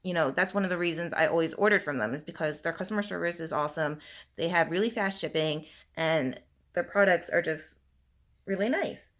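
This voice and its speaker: A woman's voice: on the low side, a little fast. Beauty vlogger, woman, 30s, chatty and fed-up, fillers everywhere while she does her makeup. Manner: animated venting, heavy use of fillers like "you know" and "like"; talks while applying makeup. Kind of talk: casual ranting get-ready-with-me chat.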